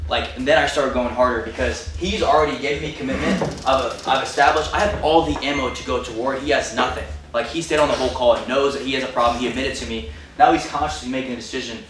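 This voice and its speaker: A man in his twenties leading a sales training for his team, talking fast and punchy. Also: mid-range voice. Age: 20s. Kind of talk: live sales training talk. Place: meeting room with team. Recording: echoey room, mic far off, background noise.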